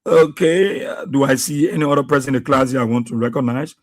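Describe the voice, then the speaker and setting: A man hosting a live radio show, reading out listeners' names and places in an unhurried way with many pauses. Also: mid-range voice. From Liberia. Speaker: radio host.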